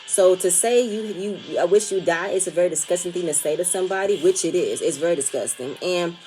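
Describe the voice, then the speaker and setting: A woman's voice: fairly low pitch, a little fast, warm tone, soft background music. A young woman giving casual commentary on a reality show, rambling and restarting phrases, emphatic and opinionated. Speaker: reality TV recap vlogger.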